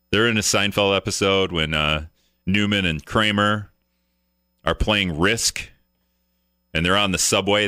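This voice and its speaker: Low, bright-voiced male radio host. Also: no echo, studio quality. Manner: rambling, joking, self-mocking. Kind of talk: casual talk radio. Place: radio studio. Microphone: studio microphone.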